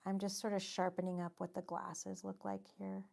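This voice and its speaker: A woman's voice: mid-range voice, monotone, moderate pace, vocal fry, a little mellow. A woman hosting a casual painting livestream, chatting in a friendly, self-deprecating way and reading viewer comments aloud. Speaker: livestream host and watercolor artist.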